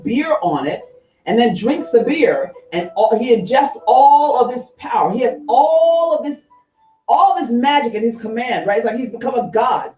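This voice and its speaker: Animated woman preacher, echoey room. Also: on the high side. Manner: animated, conversational, acts out characters. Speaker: reverend. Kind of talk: storytelling sermon. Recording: echoey room, far from mic, faint music.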